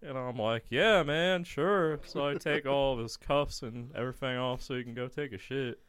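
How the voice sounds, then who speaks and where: A man's voice: medium pitch, fairly even intonation, brisk, smooth, no echo. Male podcast guest, correctional officer, crude laughing storyteller, clean resonant tone. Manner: profane, laughing often while telling a story. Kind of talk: casual storytelling.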